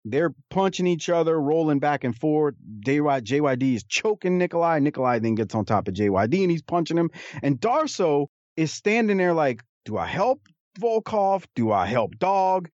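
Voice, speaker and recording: A man's voice: a little high, expressive, fairly quick, darkish tone, no room sound, highs cut off. A man co-hosting a casual podcast, talking in a rambling, amused way with frequent restarts. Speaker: podcast co-host. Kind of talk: casual chat.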